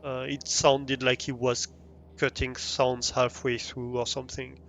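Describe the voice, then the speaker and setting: A man's voice: medium pitch, flat delivery, measured pace, vocal fry, fairly bright tone, soft background music. A man with a French accent chatting casually while livestreaming a game, rambling with frequent restarts and easy laughs. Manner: rambling, many restarts and ums, laughs easily.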